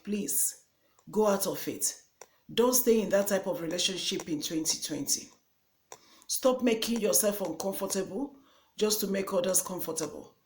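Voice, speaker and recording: A woman with a Nigerian English accent delivers earnest, preachy motivational advice. She often repeats a phrase to drive the point home. Her voice sits at a middle pitch and rings in an echoey room. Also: a little mellow, slight background noise. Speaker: vlogger. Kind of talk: motivational vlog talk.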